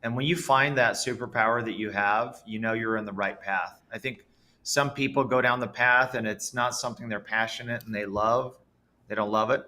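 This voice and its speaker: A man's voice: medium pitch, normal speed. A man who founded a business, a podcast guest telling stories with enthusiasm. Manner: enthusiastic, animated storyteller. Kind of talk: casual podcast conversation.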